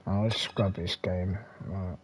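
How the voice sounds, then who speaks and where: A man's voice: low-pitched, fairly even intonation, slow pace, a little hiss or hum. A man with an English accent, hosting a retro gaming channel, rambling casually with mild swearing and lots of fillers and restarts.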